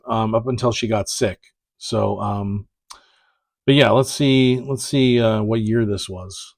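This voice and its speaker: A man's voice: on the low side, slow pace, a little mellow, no room sound. A man talking casually about prints as he opens packages, rambling and correcting himself with many fillers. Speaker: print collector vlogger. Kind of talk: casual package-opening chat.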